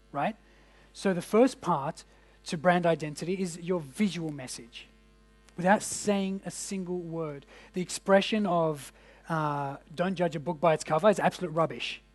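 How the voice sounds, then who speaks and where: High-voiced jokey man presenting. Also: darkish tone. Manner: casual, jokey, asks the room questions. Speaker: business coach. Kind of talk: workshop presentation to a live audience. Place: indoor event room.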